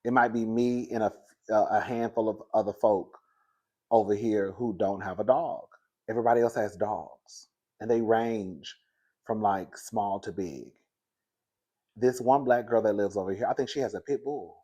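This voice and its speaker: A man telling a casual story to the camera in a chatty gossip style, often calling the listener "girl" and laughing through it. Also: normal speed. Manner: animated, high-pitched and loud when laughing through the story. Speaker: vlogger.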